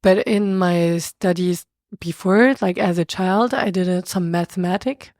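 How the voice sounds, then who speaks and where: A woman's voice: on the low side, a little slow, a little mellow, no room sound, studio quality. A young woman with a French accent, a podcast guest chatting casually and animatedly, often laughing and restarting her sentences. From France. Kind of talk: casual conversational interview.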